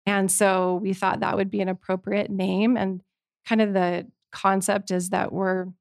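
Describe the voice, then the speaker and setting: A woman's voice: medium pitch, flat delivery, measured pace, vocal fry, no room sound, studio quality. A woman casually explaining the blog she writes with her father, informal and a little hesitant. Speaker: blog co-author.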